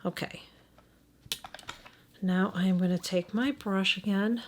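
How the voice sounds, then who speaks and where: A middle-aged woman with a Midwestern American accent talks through a makeup review in a casual, conversational way. She thinks out loud and often trails off, then restarts and corrects herself. Her voice sits at an ordinary middle pitch for a woman. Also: fairly even intonation, slow pace, a little hiss or hum. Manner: thinking aloud, hesitant, frequent restarts and self-corrections. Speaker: beauty vlogger.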